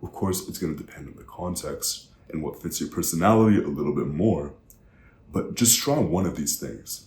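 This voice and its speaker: A young man coaching public speaking, demonstrating vocal techniques and often shifting his loudness and pace. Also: extremely low pitch, expressive, moderate pace, roomy sound. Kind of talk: instructional talk to camera.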